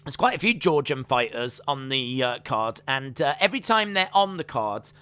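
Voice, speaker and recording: A man's voice: mid-range voice, big pitch swings, normal speed, pushed and bright, smooth. A man hosting a live fight watch-along, chatting with viewers, reading out their comments and calling the action. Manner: calls the fight action play-by-play. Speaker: live-stream host.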